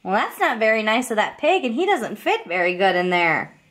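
A woman teacher reading a picture book aloud to young children, expressive and asking them questions. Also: mid-range voice, moderate pace.

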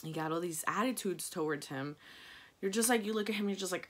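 Young mexican-american woman talking pregnancy stuff to the camera, kinda low voice, chatty, jumps way up when she quotes herself. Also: normal speed. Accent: Mexican-American English. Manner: chatty, animated, quotes herself in high excited bursts. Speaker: vlogger. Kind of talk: casual chat to camera.

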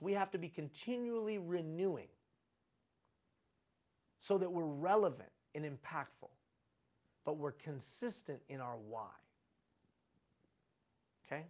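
A man's voice: fairly high pitch, lively intonation, unhurried, pauses often, darkish tone. A middle-aged man giving a live conference lecture on leadership, preachy and repetitive, with lots of rhetorical questions. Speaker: leadership trainer. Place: conference room.

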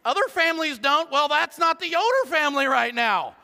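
Man, middle-aged pastor; animated sermon delivery with hushed asides, bright tone, long church echo. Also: extremely high pitch, moderate pace, vocal fry, hardly any pauses. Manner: animated, joking asides, swings between loud and hushed. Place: church sanctuary. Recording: long hall reverb.

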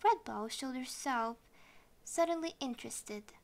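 A woman's voice: fairly high pitch, normal speed. A woman narrating a children's story in English as a student project, reading expressively.

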